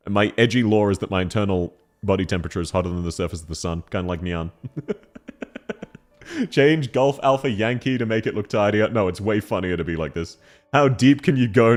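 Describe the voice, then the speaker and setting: A male streamer answering chat questions with a playful, teasing manner and frequent laughter. His voice sits on the lower side yet swings widely in pitch. Faint music plays underneath.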